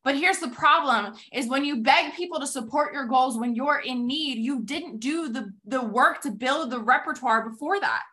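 A young adult woman hosts a motivational podcast and sounds bright and forceful. Her voice sits a little high. She tells a story with animated energy and acts out quotes before turning to lessons for her listeners. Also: normal speed, few pauses. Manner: animated retelling with acted-out quotes. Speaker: podcast host and sales coach.

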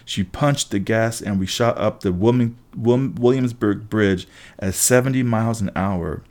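A man's voice: fairly low pitch, a little slow, a little mellow. A man narrating a first-person story aloud, with occasional slips and restarts. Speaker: audiobook reader.

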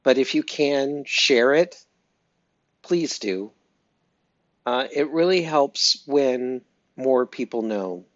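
A man speaking slowly and haltingly in a heartfelt personal audio diary, with many pauses and fillers. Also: medium pitch, expressive, no room sound. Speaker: pet owner sharing an update. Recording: dry, dull lo-fi recording.

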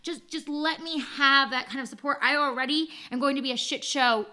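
A woman in her thirties, an animated storyteller who laughs often and acts out quotes in casual chat. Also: sits high, brisk. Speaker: guest sharing her birth story.

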